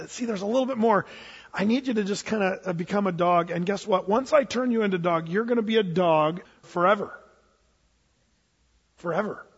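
High husky-voiced preacher guy telling a story, playing both sides, echoey hall, kinda dull lo-fi sound. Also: a little fast. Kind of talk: sermon.

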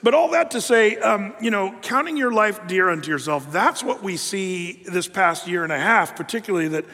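A male preacher giving a conversational sermon, telling stories in a chatty, folksy, animated way. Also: high voice, moderate pace. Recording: long hall reverb.

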